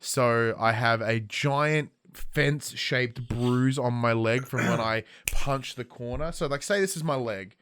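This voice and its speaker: An Australian man in his thirties hosts a podcast, chatting casually in a mid-range voice and telling stories animatedly with acted-out quotes. He speaks unhurriedly with hardly any pauses, and there is slight background noise.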